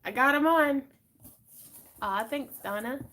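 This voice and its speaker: A woman's voice: high-pitched, takes it slowly, bright, forceful tone, slight background noise. A woman hosting a live craft stream, chatting in a bubbly, giggly way with her viewers and her cat. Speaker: craft channel host.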